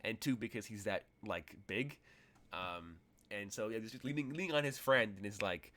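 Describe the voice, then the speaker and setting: Low-voiced man running a tabletop game. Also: moderate pace, sharp tone. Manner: rambling, vivid descriptive narration. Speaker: game master. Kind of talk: narrating a tabletop role-playing game.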